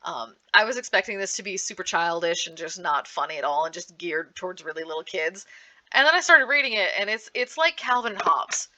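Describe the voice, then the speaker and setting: A woman speaking with lively enthusiasm, recommending comics and manga in a casual panel talk. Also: on the low side, brisk. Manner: lively, animated, frequent restarts and laughs. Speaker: librarian giving a book panel.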